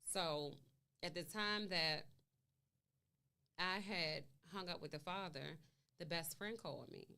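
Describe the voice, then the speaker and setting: A woman's voice: on the low side, slow pace, pauses often, bright, forceful tone, smooth. A woman being interviewed, recounting events at length and acting out the dialogue in her story. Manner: long retelling with quoted dialogue. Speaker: interview guest, mother. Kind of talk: conversational storytelling.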